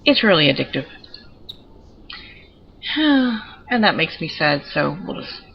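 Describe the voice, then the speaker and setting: A woman's voice: low-pitched, big pitch swings, takes it slowly, vocal fry, husky, lo-fi sound. A woman giving chatty, digressive commentary while showing off her pets in a video game. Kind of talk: casual gameplay commentary.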